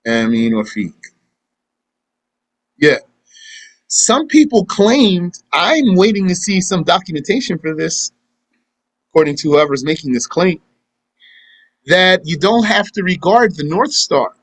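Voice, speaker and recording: Teaching a live religious lesson and fielding questions, this male Islamic teacher talks conversationally and plays out imagined exchanges. His voice sits high and is very animated, a little slow with frequent pauses, in poor-quality audio.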